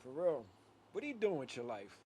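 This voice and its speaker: A man co-hosting a casual podcast, loud and profane, mock-outraged and tripping over his words. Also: mid-range voice, sing-song, fairly quick, breathy edge, no room sound. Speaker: podcast co-host.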